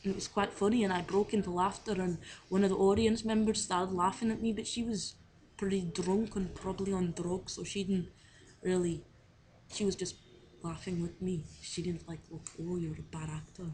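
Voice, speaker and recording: A woman's voice: medium pitch, steady tone, moderate pace, a little mellow, a little hiss or hum, low-quality recording. A young woman talking to camera in a casual video diary, rambling and unsure of herself, with many fillers. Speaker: drama student on placement.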